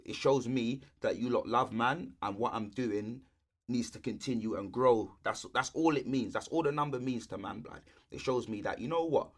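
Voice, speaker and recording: A young man talks at an ordinary, middling pitch. He co-hosts a podcast in a loose, conversational way, dropping street slang into almost every sentence. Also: moderate pace. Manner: laid-back, heavy street slang. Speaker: podcast co-host. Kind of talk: casual chat.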